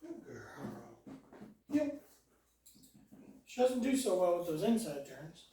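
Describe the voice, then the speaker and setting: Calm, slow dog trainer heard from afar. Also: medium pitch, a little hiss or hum. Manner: calm instructions mixed with short praise and commands to a dog. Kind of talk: hands-on dog training lesson. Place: walking a dog during training. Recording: roomy sound, mic far off.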